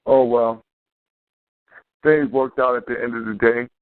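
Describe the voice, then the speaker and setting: A man's voice: medium pitch, steady tone, slow pace, dry recording. Slangy man on a tinny phone line. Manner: loose, slangy, repeats phrases. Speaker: radio show host. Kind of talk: casual talk radio chat.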